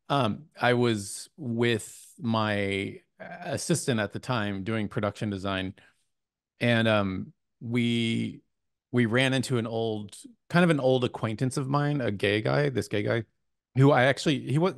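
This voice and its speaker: A man hosting a podcast, sharing his own story in a hesitant way with many pauses and restarts. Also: medium pitch, vocal fry, no echo, studio quality. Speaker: podcast host. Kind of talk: casual interview chat.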